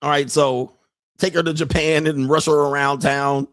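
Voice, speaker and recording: A man hosting a podcast, telling a story in a profane, animated way with frequent laughter. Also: fairly high pitch, normal speed, no room sound, studio quality. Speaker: podcast host. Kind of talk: casual monologue.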